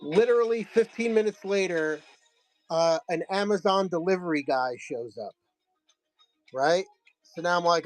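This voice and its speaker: High-voiced man telling a story. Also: moderate pace, long pauses, no room sound, soft background music, poor audio. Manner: profane, rambling, chuckling. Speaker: comic seller hosting a live sale. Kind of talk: casual storytelling while showing comics.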